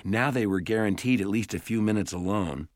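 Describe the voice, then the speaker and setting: A man reading a story aloud as an audiobook narrator, in a measured, even way. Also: lowish voice, dry recording, studio quality. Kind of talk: scripted narration.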